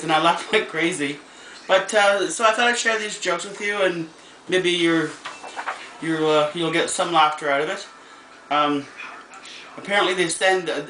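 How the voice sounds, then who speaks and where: A man telling jokes in a casual vlog, halting and restarting often as he goes. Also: fairly high pitch, pushed and bright. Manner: hesitant, halting delivery with many restarts. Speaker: vlogger. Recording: echoey room with faint background noise.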